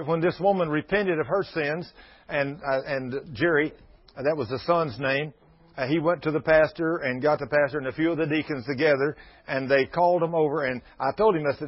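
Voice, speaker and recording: A brisk man in his sixties with a slightly high, breathy-edged voice preaches to a congregation. His folksy, emphatic sermon gives way to fervent prayer, heard through a dull lo-fi recording.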